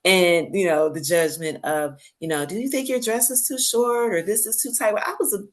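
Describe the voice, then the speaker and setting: A woman with a medium-pitched voice speaks at a normal speed as a guest on a podcast. She tells stories in casual conversation, animatedly acting out the voices of the people in them and laughing as she goes.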